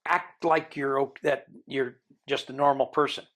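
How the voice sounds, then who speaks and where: A man in his sixties, a podcast guest, telling a long story in a lively way and acting out the people he quotes. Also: medium pitch, normal speed. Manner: animated storyteller who mimics the people he quotes.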